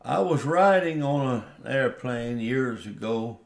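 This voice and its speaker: A man preaching on a radio show, telling a slow, folksy story with quoted dialogue. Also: medium pitch, animated, gravelly, reverberant.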